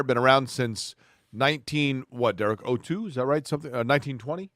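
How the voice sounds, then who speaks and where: Man co-hosting sports talk, measured pace, dry close mic, does ad reads. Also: mid-range voice, a bit bright, dry recording, faint music behind. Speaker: sports show co-host. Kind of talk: casual sports talk and live read ads.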